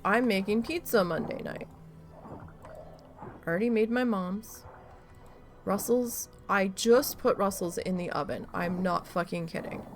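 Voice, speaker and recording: A woman's voice: medium pitch, unhurried, long pauses, soft background music. A woman streamer chatting casually while she plays, telling an exasperated story with a lot of swearing. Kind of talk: casual chat during a live gameplay stream.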